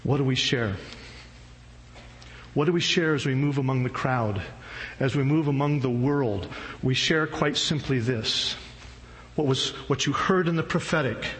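A man's voice: mid-range voice, a bit bright. A male pastor preaching a sermon in a casual, slangy, humorous storytelling way. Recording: long hall reverb, faint noise.

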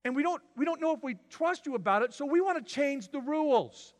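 A man preaching a sermon, swinging from loud, emphatic declarations to quiet, drawn-out lines. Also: very high-pitched, animated, big-room sound. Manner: dramatic swings from shouting to near-whisper. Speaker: pastor.

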